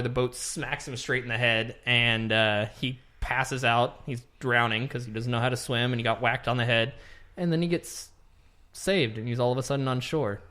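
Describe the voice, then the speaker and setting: A young man co-hosting a casual podcast, retelling a film plot in animated detail and acting out the characters' lines. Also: medium pitch, clean tone. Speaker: podcast co-host reviewing a movie.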